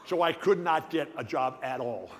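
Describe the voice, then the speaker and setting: An older man speaks as guest at a banquet in a slightly high voice. He tells his stories with animated energy, often restarting or repeating a word before pressing on. The sound carries a long reverb from a large hall. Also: moderate pace, a faint crowd. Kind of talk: after-dinner speech.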